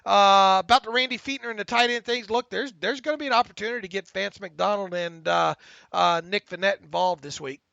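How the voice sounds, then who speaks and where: High creaky-voiced excitable man. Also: brisk, no echo. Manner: excitable, stammers and repeats words. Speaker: podcast co-host reading listener questions. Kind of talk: casual sports talk. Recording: dull lo-fi audio.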